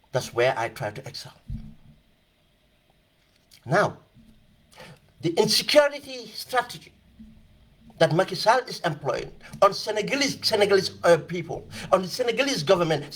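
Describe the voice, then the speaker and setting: A man giving emphatic, impassioned political commentary, repeating phrases for stress. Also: a little high. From Gambia.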